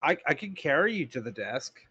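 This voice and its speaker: A man's voice: a little high, very animated, fairly quick, sharp tone, breathy edge. A man playing a tabletop game, describing his character's actions in a hesitant way, with fillers. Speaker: player. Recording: dull lo-fi mic.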